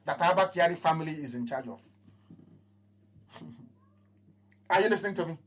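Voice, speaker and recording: Husky Nigerian man proclaiming to followers. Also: lively intonation, moderate pace, fairly bright tone. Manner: declamatory, repeats phrases, swings between raised proclamations and low mutters. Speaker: movement leader addressing followers. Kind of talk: impassioned live broadcast address.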